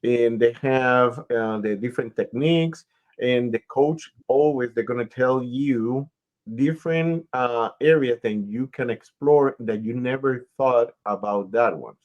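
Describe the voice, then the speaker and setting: Slow, advice-giving male radio host. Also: medium pitch, darkish tone, highs cut off. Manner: slow, advising, explains at length. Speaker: radio show host and talent manager. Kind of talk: casual interview chat.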